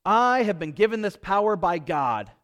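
A male preacher putting on the voice of a smarmy televangelist selling blessings in a grand, salesy pitch. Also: very animated, moderate pace, a bit bright, in a large hall.

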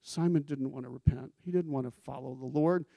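A man's voice: medium pitch, brisk, vocal fry, warm tone, no room sound. A male pastor preaching a sermon in a conversational way, asking the congregation questions and giving scripture quotes with emphasis.

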